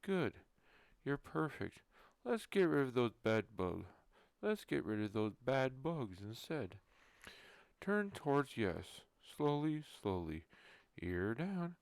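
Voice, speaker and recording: A man voicing a creepy male ear-cleaner who pulls bugs out of ears. It is a whispered role-play, and he says the sound effects aloud in a hushed voice. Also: mid-range voice, very animated, slow pace, creaky, no room sound, full character voice.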